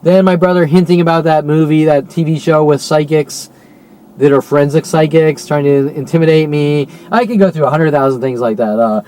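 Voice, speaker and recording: A man with a slightly high voice rants straight through a long monologue. He is agitated and profane, and he keeps asking rhetorical questions. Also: brisk, dark tone, a little hiss or hum, low-quality recording. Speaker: vlogger. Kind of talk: rambling monologue.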